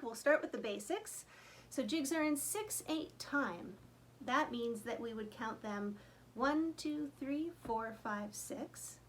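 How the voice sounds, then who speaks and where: A woman with a fairly high voice runs a fiddle lesson in a friendly, chatty way, counting beats aloud as she goes. A faint hiss of noise sits under her voice. She keeps the talk easy and informal. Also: a bit bright. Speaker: fiddle teacher.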